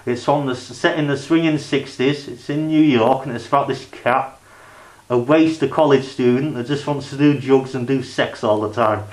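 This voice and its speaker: A man talks loosely through his DVD shelf in a casual review vlog, his voice sitting at an ordinary middle pitch. He wanders between thoughts and leans on "you know" and "like" fillers. The room around him rings with echo. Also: normal speed. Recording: echoey room.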